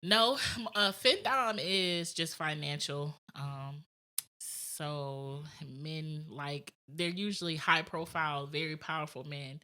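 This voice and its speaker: A woman's voice: deep voice, slow, bright, forceful tone. A woman talking frankly in a casual podcast chat, matter-of-fact, laughing often.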